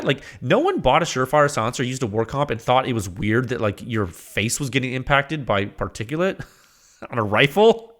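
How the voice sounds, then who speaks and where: A man's voice: medium pitch, animated, brisk, fairly bright tone. A man hosting a podcast, talking in a casual, rambling monologue with exasperated rants, frequent laughter and quoted asides. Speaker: podcast host.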